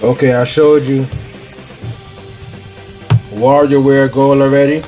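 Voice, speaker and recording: A man's voice: medium pitch, little pitch movement, slow, dark tone, soft background music. A man with a Jamaican accent, chatting casually as host of his own gaming vlog in a laid-back, slangy way. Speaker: gaming YouTuber.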